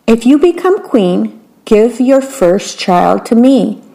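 A woman's voice: a little high, sing-song, slow pace, vocal fry, dark tone, exaggerated voice, low-quality recording. A woman voicing a sly, strange little man who makes deals, in a wheedling storybook reading.

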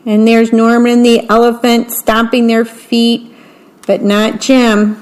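Slow, gentle woman reading picture books. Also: on the high side, level tone, rough recording. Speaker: read-aloud storyteller.

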